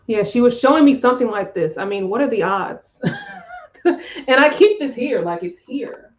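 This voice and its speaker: A woman's voice: a little high, expressive, normal speed, dull audio. A woman hosting a live tarot reading, talking in an effusive, emotional, spiritual way with frequent laughs and sighs.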